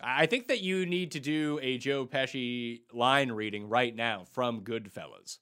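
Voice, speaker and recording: A man's voice: medium pitch, a little slow, fairly bright tone, clear, resonant tone. A man hosting a casual chat who teases his co-host with dry humor. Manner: teasing, wry.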